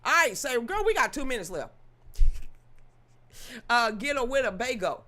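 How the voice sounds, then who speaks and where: A woman's voice: high-pitched, pushed and bright. A woman hosting a livestream, chatting casually and joking with her viewers, with laughing asides. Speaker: livestream host.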